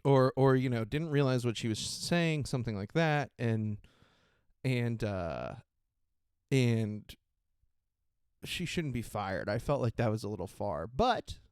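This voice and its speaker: Podcast dude rambling and cracking up, smooth clear voice, dry close sound. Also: male voice, mid-range voice, big pitch swings, a little slow, darkish tone, dry recording. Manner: giggly, profane, rambling with frequent laughter. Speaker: podcast host. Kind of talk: casual solo podcast chat.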